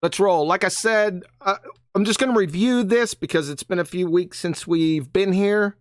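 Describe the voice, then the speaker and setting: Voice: medium pitch, normal speed, no room sound, clean studio sound. A live-show host giving combative commentary, emphatic and mocking, often tagging lines with "right?". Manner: emphatic, keeps asking "right?". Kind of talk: live-stream commentary reading quotes.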